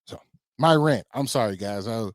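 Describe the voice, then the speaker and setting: A man co-hosting a casual chat over a remote call, ranting quickly and then apologizing for it. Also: medium pitch, no room sound, clean studio sound. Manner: quick, self-deprecating ranting. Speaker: podcast co-host.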